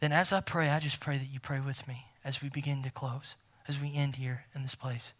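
A man preaching a sermon as pastor, emphatic and repeating key phrases, swinging from loud to near-whisper. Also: medium pitch, level tone, fairly quick.

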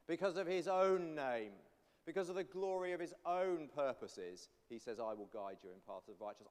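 A man leading a church congregation through a psalm, coaxing them to repeat lines after him. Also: mid-range voice. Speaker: pastor. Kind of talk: interactive sermon teaching a psalm. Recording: long church reverb.

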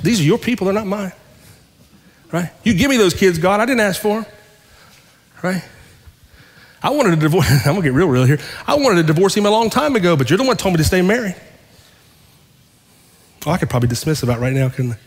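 High-voiced male pastor preaching in a hall. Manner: conversational preaching, acting out dialogue, asking the congregation questions. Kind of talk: sermon.

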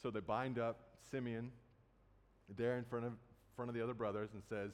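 A man's voice: medium pitch, level tone, normal speed. A man preaching a sermon, retelling a Bible story in a conversational way and casually acting out the quotes. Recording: long hall reverb.

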